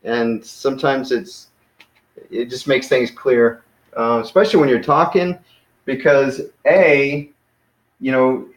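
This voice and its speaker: A man teaching a Greek class in a relaxed, hesitant way, with many fillers. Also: medium pitch, reverberant, low-quality recording.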